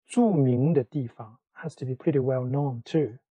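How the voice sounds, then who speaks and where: A man teaching a language lesson, explaining in English between slow examples with many fillers. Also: medium pitch, dark tone, breathy edge, no echo, dull audio. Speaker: Mandarin teacher.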